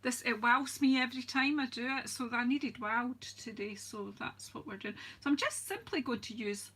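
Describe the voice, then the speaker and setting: Bright-voiced chatty Scottish woman. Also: a little high, moderate pace, breathy edge. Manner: chatty and homely, greets viewers by name, laughs often. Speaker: craft demonstrator, channel host. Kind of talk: live-stream crafting demo, casual chat.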